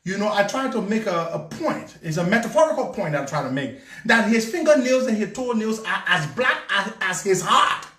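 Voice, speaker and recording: A man's voice: high-pitched, sing-song, normal speed, few pauses, pushed and bright. A man with a Liberian English accent telling a mocking political story, laughing often as he goes. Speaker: political commentator. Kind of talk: storytelling commentary. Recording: echoey room, far from mic.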